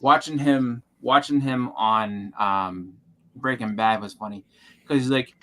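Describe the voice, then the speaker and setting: A man with a New England accent in casual chat, telling rambling stories and bursting into loud impressions. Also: medium pitch, moderate pace.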